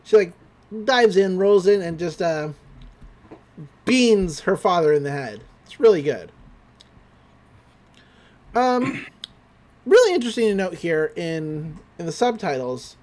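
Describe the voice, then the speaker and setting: High-voiced guy recapping an anime. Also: very animated, takes it slowly, long pauses, darkish tone. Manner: loose retelling, breezy paraphrased quotes, frequent fillers. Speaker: podcast co-host recapping an anime episode. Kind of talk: casual chat.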